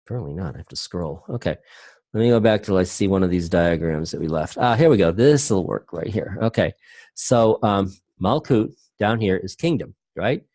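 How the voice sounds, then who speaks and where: A middle-aged man talks through a lesson from his home computer in a deep, warm tone. He rambles and breaks off mid-sentence to fix what he said. The sound is dry and close, with no room echo. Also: lively intonation, normal speed. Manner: loose, rambling, self-interrupting. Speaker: teacher. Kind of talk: casual online class lecture.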